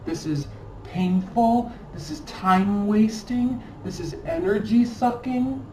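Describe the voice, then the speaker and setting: A woman's voice: mid-range voice, slow pace, darkish tone. A woman giving a tarot card reading in an emphatic, scolding way, repeating phrases for stress. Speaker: tarot reader. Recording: echoey room, mic at a distance, faint background noise.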